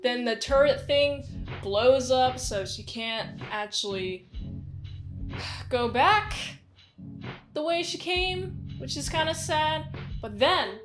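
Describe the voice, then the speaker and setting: Woman film reviewer, high voice, unhurried delivery, rambling and giggly, faint music underneath. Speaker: movie reviewer. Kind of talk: casual spoken movie recap.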